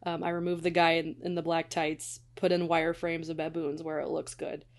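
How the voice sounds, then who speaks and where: A woman co-hosts a relaxed film podcast and reads trivia aloud. She laughs in the middle of sentences and curses casually. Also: sits low, normal speed. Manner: laughs while reading, casual swearing. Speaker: podcast co-host.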